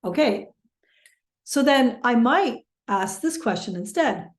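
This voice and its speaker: A woman teaching mediation in a webinar, talking through everyday examples with lively turns. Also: fairly high pitch, slow pace, echoey room. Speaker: mediation trainer.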